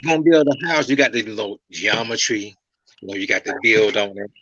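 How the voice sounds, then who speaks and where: A man's voice: on the low side, fairly quick, bright, forceful tone, dull audio. A man speaking as a guest hair stylist in a casual interview. He explains through stories and keeps checking in with "okay?" and "right?". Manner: storytelling, repeats himself, checks in with "okay?" and "right?".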